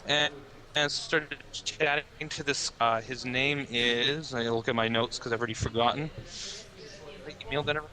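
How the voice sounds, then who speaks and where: Bright-voiced easygoing man telling stories. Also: medium pitch, fairly even intonation, moderate pace. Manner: easygoing storyteller, chatty. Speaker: podcast co-host on a trip. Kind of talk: casual podcast chat.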